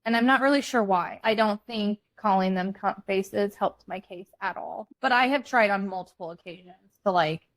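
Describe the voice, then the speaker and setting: A woman's voice: medium pitch, moderate pace, hardly any pauses, a bit bright, dry recording. A young woman co-hosting a podcast, telling a family story in a blunt, candid, casual way. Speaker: podcast co-host. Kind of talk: casual chat.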